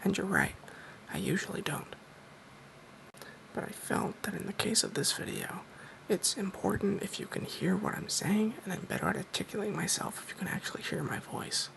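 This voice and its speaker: A man telling a mock-serious story in a soft-spoken, deadpan ASMR style. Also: high voice, normal speed, gravelly, a little hiss or hum, rough recording. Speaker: ASMR creator.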